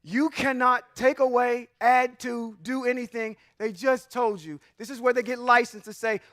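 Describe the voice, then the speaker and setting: A man with a very high voice teaches scripture to a congregation, reading verses and breaking them apart in an emphatic, preacherly style that swings between loud passages and quiet asides. His tone stays steady and his pace moderate, with few pauses. The recording is clean studio sound with no echo.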